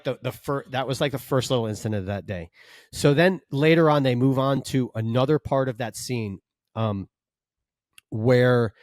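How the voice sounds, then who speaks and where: Animated, swearing male storyteller. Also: mid-range voice, no room sound, clean studio sound. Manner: animated storyteller acting out quotes, swears freely. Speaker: podcast co-host, stunt performer. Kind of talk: casual storytelling chat.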